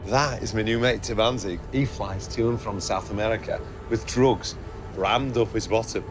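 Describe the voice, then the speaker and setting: A man voicing a crude working-class dad who talks in a low, mumbled deadpan. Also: normal speed, over music, close to an everyday voice.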